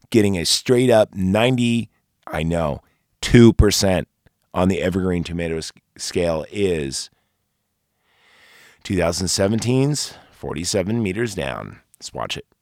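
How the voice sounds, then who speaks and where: A man with a fairly low voice reviews films in a loose, rambling podcast chat. He swears constantly and gushes with enthusiasm. The sound is dry and close, with no room echo. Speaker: podcast host. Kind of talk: casual movie review.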